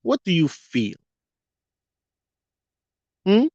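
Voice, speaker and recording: Man vlogger, slightly high voice, hot-headed rant full of rhetorical questions; dull lo-fi, dry sound. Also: wildly swooping pitch, a little mellow, no echo. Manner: fiery, rhetorical questions, drawn-out emphasis. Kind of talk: ranting commentary monologue.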